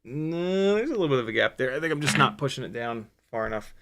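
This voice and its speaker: A man's voice: medium pitch, animated, fast talker, creaky, fairly bright tone. A man hosting a livestream, chatting loosely as he works and answering viewer questions, with casual swearing and dry sarcasm. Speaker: livestream host building a drone.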